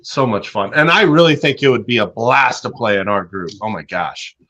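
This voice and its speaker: A man's voice: mid-range voice, expressive, moderate pace, sharp tone. A man co-hosting a casual chat, talking in an enthusiastic, joking manner. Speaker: podcast co-host.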